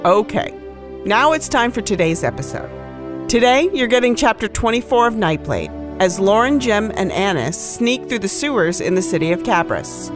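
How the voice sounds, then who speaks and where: A woman's voice: medium pitch, expressive, moderate pace. A woman hosting a podcast, reading an upbeat scripted intro. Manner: upbeat, announcing. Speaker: podcast host. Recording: music bed behind voice. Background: music.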